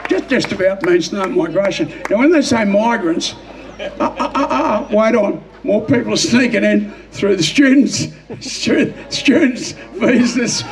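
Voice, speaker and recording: Guy yelling a rally speech outdoors, high pitched, faint noise around. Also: measured pace, distant mic, low-quality recording. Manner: repetitive, rousing, rhetorical questions. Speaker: rally speaker.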